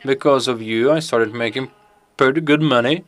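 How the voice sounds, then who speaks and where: A man interpreting a conference Q&A live, halting as he picks his words. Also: medium pitch.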